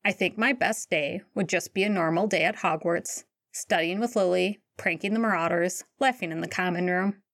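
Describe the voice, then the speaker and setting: A woman's voice: on the low side, moderate pace, few pauses, no room sound, natural voice. A woman voicing a studious teenage boy wizard in a podfic, dry and teasing.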